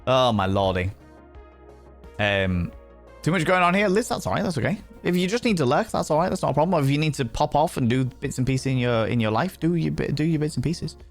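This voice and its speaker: A man's voice: a little high, expressive, fairly quick, faint music behind. A man hosting a livestream, chatting casually with viewers in a playful, theatrical way with mock outrage. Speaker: livestream host.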